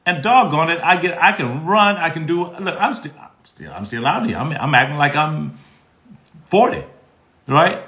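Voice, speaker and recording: A man's voice: a little high, expressive, moderate pace, pushed and bright, reverberant, dull audio. A man in his sixties, a marriage counselor answering live questions in a folksy, emphatic way. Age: 60s. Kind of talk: live stream Q&A.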